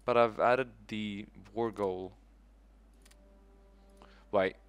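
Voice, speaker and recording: A man's voice: lowish voice, fairly even intonation, very slow. A young man commentating his own strategy game playthrough, rambling and swearing often. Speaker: let's play host. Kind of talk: gaming commentary.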